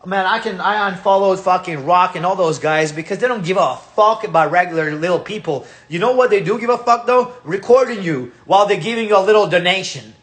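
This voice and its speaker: A man's voice: sits high, a little fast, few pauses, a bit bright. A man with a Russian accent, a native Russian speaker, giving a heated, profane rant as host of his own channel. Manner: profane, repetitive, ranting.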